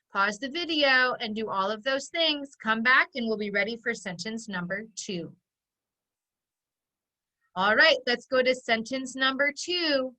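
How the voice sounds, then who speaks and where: A woman phonics teacher giving an online lesson, dictating sentences slowly and clearly for young children. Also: a little high, pushed and bright, low-quality recording. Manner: slow, clear dictation, stretching words out for children.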